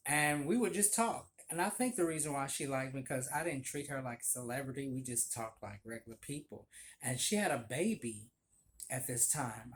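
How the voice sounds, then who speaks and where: A man telling stories of his old barista job in a casual, animated vlog, acting out the voices of people he quotes. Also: mid-range voice. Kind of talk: casual storytelling.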